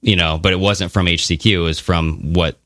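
Male podcast co-host, low and sharp-toned, animated casual delivery, dry studio sound. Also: a little fast, no echo. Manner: animated, swearing, mocking voices. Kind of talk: casual conversational podcast talk.

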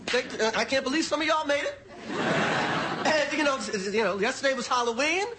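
A man doing a stand-up monologue on a TV studio stage, loud and repeating his punchlines. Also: extremely high pitch, brisk, very noisy. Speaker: stand-up comedian. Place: TV studio stage with live audience. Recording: live show with loud crowd laughter. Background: audience laughing and cheering.

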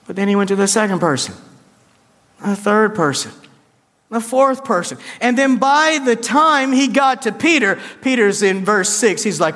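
High-voiced pastor preaching in a hall. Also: male voice, animated, normal speed, a bit bright. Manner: conversational, acts out quotes with shifting pitch. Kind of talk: sermon.

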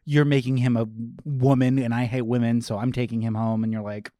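A young man co-hosting a casual podcast, talking in an animated, swearing rush and acting out lines from a film. His voice sits at a middling pitch. The sound is dry and close. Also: a little fast, dry recording. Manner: animated, swearing, acts out quotes. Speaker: podcast co-host. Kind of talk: casual chat.

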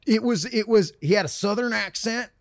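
A man's voice: sits high, moderate pace, gravelly, no echo, studio quality. A man telling a funny story in casual chat, acting out the people in it. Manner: animated storyteller, acts out quotes. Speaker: podcast co-host.

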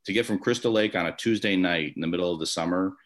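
A man's voice: deep voice, fast talker. A man from the Chicago area, a former umpire, telling stories in an interview from his home office, with rambling restarts and fillers. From Chicago area, USA. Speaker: guest, former baseball umpire. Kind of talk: conversational storytelling interview.

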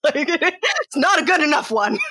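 A woman's voice: sits high, huge pitch swings, measured pace, sharp tone, no echo. A Canadian woman co-hosting a podcast, recapping a film in casual chat, acting out quotes in a raised voice and laughing often. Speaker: podcast co-host.

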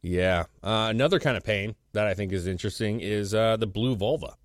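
A man's voice: fairly low pitch, a little fast, no room sound, studio quality. A middle-aged man co-hosting a podcast in casual chat, crude and chatty, often saying "bro" and "you know what I'm saying.". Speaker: podcast co-host.

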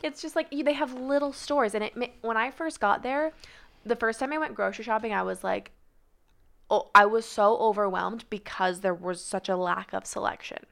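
A young woman from Arizona talking as a podcast guest in a casual, animated way, full of "like" and "dude". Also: on the high side, moderate pace, gravelly. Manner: animated, chatty, heavy on "like" and "dude".

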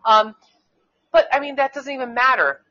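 A woman's voice: sits high, moderate pace, sharp tone. A woman co-hosting a casual political talk show, speaking heatedly and in a rambling way, with many restarts and curses. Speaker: co-host; schoolteacher. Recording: dull lo-fi internet radio sound.

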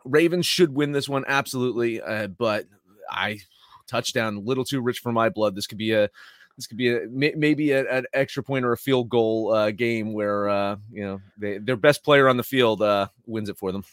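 A man co-hosting a sports betting show, talking in a halting, stammering way with casual swearing. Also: medium pitch, no room sound, studio quality. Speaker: sports betting podcast co-host. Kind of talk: casual betting picks chat.

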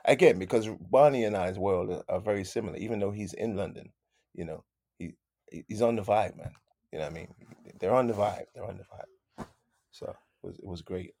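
A man with a lowish voice tells stories as an interview guest. He talks in an animated way, circles back on his own phrases and sprinkles in "man". The sound is dry and close. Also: brisk, gravelly, no room sound. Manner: animated, repeats phrases, says "man" a lot. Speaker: guest musician. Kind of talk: casual interview storytelling.

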